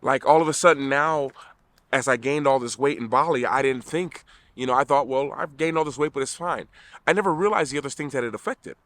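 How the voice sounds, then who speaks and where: A man's voice: medium pitch, brisk, a bit bright. A middle-aged man giving an earnest motivational talk to camera, emphatic, often restarting his sentences. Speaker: vlogger.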